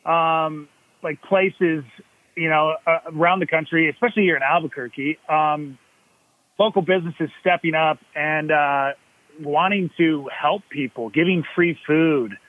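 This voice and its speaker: A man co-hosting a casual podcast, rambling with lots of fillers and getting excited about good news. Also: fairly high pitch, measured pace, no room sound. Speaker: podcast co-host. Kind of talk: casual chat. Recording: dry, tinny phone-like sound.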